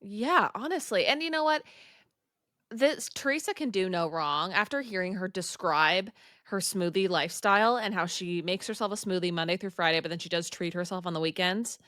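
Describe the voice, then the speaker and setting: Bright-voiced young woman with wry banter. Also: on the low side, normal speed, no echo, studio quality. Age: young adult. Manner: wry, mock-outraged banter. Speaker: podcast co-host. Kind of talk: casual chat.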